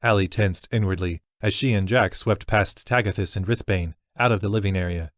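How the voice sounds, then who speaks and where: Low voiced guy reading a fantasy audiobook, super dry sound. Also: fairly quick, no echo. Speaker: audiobook narrator. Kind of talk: scripted fantasy narration.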